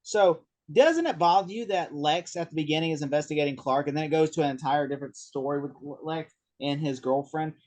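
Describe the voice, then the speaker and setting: A man co-hosting a casual review podcast, jokey and quick to laugh. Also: on the high side, a little mellow. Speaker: podcast co-host.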